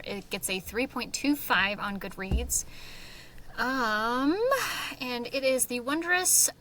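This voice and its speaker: A woman with a bright, forceful voice co-hosts a casual book podcast, reading review snippets aloud and tossing in quick, giggly asides. A faint hiss sits under the recording. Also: mid-range voice, low-quality recording. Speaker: podcast co-host.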